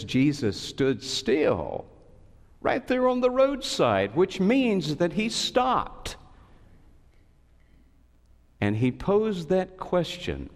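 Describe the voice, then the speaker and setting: A man preaching a sermon as a pastor, telling a story with expressive swings and sudden high cries. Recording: long reverb of a large hall.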